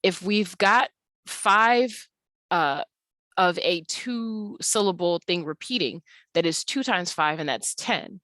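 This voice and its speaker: Woman, English teacher, slightly low voice, patient, drags out key words for emphasis; dry webcam lesson. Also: expressive, slow, a bit bright, no room sound. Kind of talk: recorded online lesson.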